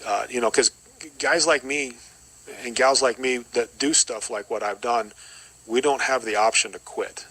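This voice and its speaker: A man's voice: mid-range voice, normal speed, bright, forceful tone, slightly rough, poor audio. A middle-aged man giving an earnest, reflective personal testimony as a podcast guest, often repeating short phrases.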